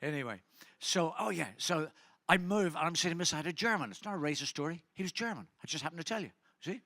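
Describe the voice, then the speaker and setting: A man's voice: fairly high pitch, lively intonation, quick pace, sharp tone, no room sound. A middle-aged man doing a stand-up comedy set, rambling and chatty as he teases the audience. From Ireland.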